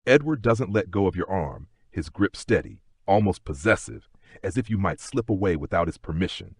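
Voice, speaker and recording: A man narrating a bedtime sleep story in a gentle, unhurried way. His voice is deep and husky, with lively expression, and it sounds close and dry with no room echo.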